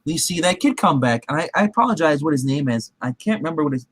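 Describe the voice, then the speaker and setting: A man's voice: a little high, lively intonation, fast, a bit bright, slightly rough, no echo. Rambling man recapping a show. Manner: rambling, heavy with fillers and restarts; acts out characters' quotes in his retelling. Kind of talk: casual TV recap chat.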